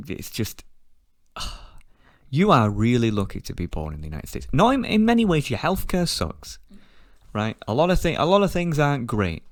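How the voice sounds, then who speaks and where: Man, podcast host, swings his pitch a lot, swears, dry close sound. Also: huge pitch swings, moderate pace, no room sound. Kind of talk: casual opinionated chat.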